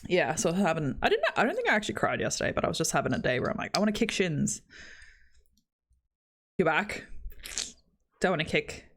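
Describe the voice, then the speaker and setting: A woman's voice: sits low, wildly swooping pitch, fast talker, a bit bright. A young Australian woman streaming, chatting casually with her viewers in a self-deprecating way and laughing often.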